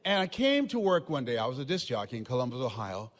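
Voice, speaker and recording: An older man giving a motivational speech to a live audience, telling stories with emphasis, often shouting and laughing. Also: mid-range voice, very animated, quick pace. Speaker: motivational speaker. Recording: long hall reverb.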